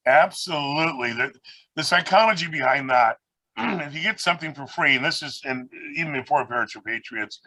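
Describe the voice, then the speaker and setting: A man tells a winding story on a video call, now and then acting out the people he met along the way. His voice is bright and forward. The sound is dry, with no room around it. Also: a little high, expressive, fairly quick, no room sound, rough recording. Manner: rambling, anecdotal, acts out quoted people. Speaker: guest speaker, parrot rescue founder.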